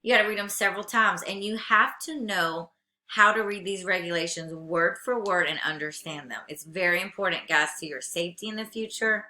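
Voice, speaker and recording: A woman's voice: lowish voice, fairly quick, sharp tone. A woman instructor giving a recorded lecture, reading regulations aloud and then explaining them plainly to her students. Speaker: aviation instructor.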